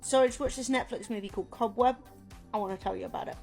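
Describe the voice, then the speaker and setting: A woman streamer talks casually in a fairly high voice and rambles through a story. She is playful and chatty and fills her lines with "like". Faint music plays underneath. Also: fast, creaky, a little mellow.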